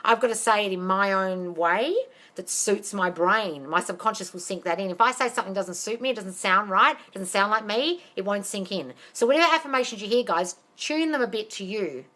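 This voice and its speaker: A woman's voice: mid-range voice, fairly quick, pushed and bright. A woman answering questions on a live stream as a manifestation coach. She is blunt and swears freely, and she calls her listeners darling. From not American.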